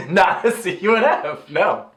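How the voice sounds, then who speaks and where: A man's voice: sits high, expressive, takes it slowly, fairly bright tone. A man co-hosting a casual review show, jokey and playful, laughing often. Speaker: podcast co-host. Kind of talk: casual chat. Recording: roomy echo, faint noise.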